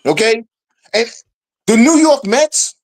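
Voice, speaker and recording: A man's voice: very high voice, expressive, slow. A man co-hosting a podcast, ranting in exasperation about sports, swearing and then apologizing. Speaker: podcast co-host. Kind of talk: heated sports debate.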